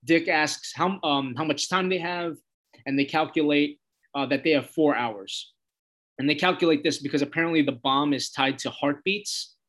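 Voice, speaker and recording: A man with a slightly higher-than-average voice talks through a TV episode in a loose, casual recap. He swears freely and chats along, acting out quoted lines in shifting voices as he goes. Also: normal speed, fairly bright tone. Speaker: show host recapping a TV episode.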